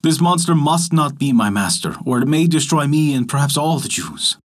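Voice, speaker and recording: A man's voice: fairly high pitch, expressive, normal speed. A man voicing a solemn, wise old rabbi who speaks in archaic phrasing, in a storybook reading.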